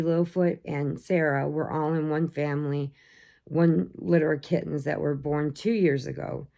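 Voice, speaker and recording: Woman vlogger with a gravelly lower voice, animated, chatty rant. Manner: animated, acts out voices for pets. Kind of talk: casual ranting chat.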